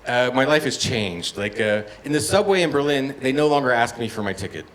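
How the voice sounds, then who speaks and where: A man in his fifties performing a stand-up comedy set, telling stories and acting out other voices with loud punchlines. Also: medium pitch, animated, brisk. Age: 50s. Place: comedy bar stage with live audience. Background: audience laughter and room noise.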